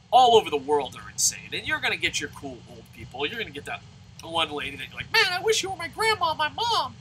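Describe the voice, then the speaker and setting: A man commenting on a baseball video game while telling rambling stories, excitable and swearing. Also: high-pitched, slight background noise, poor audio. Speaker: let's play gamer. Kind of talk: gaming commentary with storytelling.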